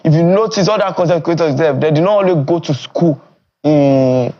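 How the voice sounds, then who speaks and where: A young man with a Nigerian Pidgin English accent talks in a fairly high voice that often jumps up and gets loud. The animated, casual talk sounds a little dull and muffled, like TV studio audio. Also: normal speed. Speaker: streamer and content creator.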